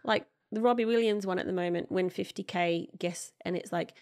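A woman's voice: on the low side, steady tone, brisk, few pauses, darkish tone. A woman co-hosting a casual podcast chat with friends, talking easily and laughing often. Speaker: podcast co-host.

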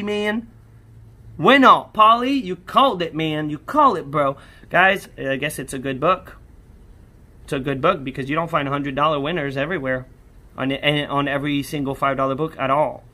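This is casual, excited vlog talk from a young man working through scratch-offs, with "holy smokes" and "booyah" on repeat. When a ticket pays, he erupts into high yells and sing-song shouting.

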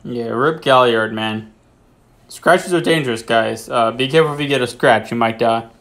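A man's voice: mid-range voice, moderate pace, fairly bright tone. A man giving offhand, crude, joking let's play commentary while playing a game. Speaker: gamer.

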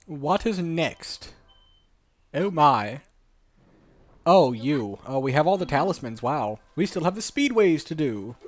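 A man's voice: a little high, sing-song, slow, pauses often. A man hosting a let's play, joking casually over his gameplay in a playful, slightly put-on British manner.

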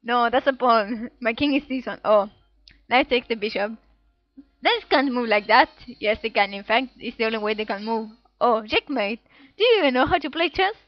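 A woman's voice: fairly high pitch, lively intonation, moderate pace. Woman gamer narrating gameplay playfully. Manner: playful, giggly, reads game text in little voices. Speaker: let's play gamer. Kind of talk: casual gameplay commentary reading dialogue aloud. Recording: dull, dry home recording.

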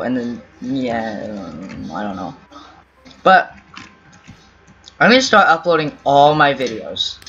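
A man's voice: mid-range voice, a bit bright, husky. A man giving casual, rambling commentary over his own gameplay, talking to himself and pleading with other players, with keyboard typing behind him. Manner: rambling, self-talk, pleading and teasing. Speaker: gaming YouTuber. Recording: dull lo-fi audio with faint game music. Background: keyboard typing and faint music.

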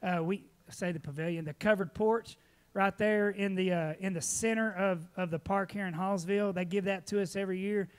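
Male pastor, high voice, folksy and animated storyteller, church sermon. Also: brisk, clear, resonant tone. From Texas.

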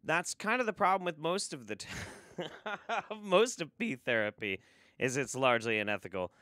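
A man's voice: fairly high pitch, very animated, normal speed, pushed and bright, no room sound, clean studio sound. A man hosting a casual livestream, sarcastic, swearing freely and laughing often. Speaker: livestream host.

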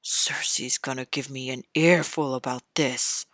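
A narrator putting on a gruff, blustering old king. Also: medium pitch, fairly even intonation, unhurried, fairly bright tone, no echo, clean studio sound, voice pushed down, natural voice. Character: gruff burly middle-aged king, careless.

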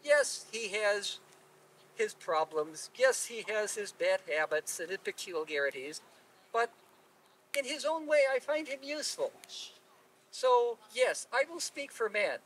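A man voicing a tiny mosquito who speaks up in a small, measured plea. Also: high voice, very animated, a bit bright, slight background noise, heavily acted. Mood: earnest. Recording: distant mic at live telling.

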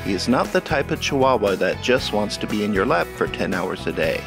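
Man, gravelly and animated; upbeat, playful shelter-adoption narrator. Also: fairly low pitch, fairly quick. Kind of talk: scripted narration for a pet adoption video. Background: background music.

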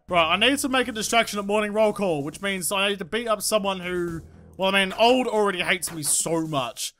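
A woman giving excitable, swear-filled let's-play commentary, talking to herself and the game. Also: mid-range voice, a little fast. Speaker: gaming YouTuber. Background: game music.

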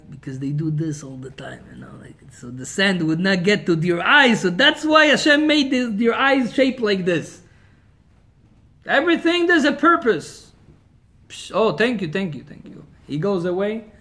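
Rabbi guy teaching a class, animated storytelling, kinda high voice. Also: unhurried. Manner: animated storyteller, swings between loud and quiet. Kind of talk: Torah lecture storytelling.

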